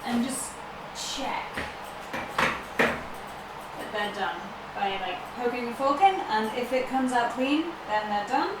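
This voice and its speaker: A woman with a fairly high voice talks through a recipe in a loose, chatty way, breaking into giggles as she works. Her voice bounces around a roomy, echoey kitchen. Dishes and cutlery clatter behind her. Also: takes it slowly, pauses often, very noisy. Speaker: baking vlogger. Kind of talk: casual recipe tutorial. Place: home kitchen.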